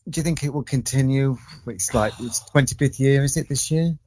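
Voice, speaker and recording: A man's voice: medium pitch, brisk, dark tone, a little hiss or hum. A man hosting a podcast, chatting casually and mostly adding short agreeing remarks. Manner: brief agreeing interjections. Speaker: podcast host. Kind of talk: casual interview chat.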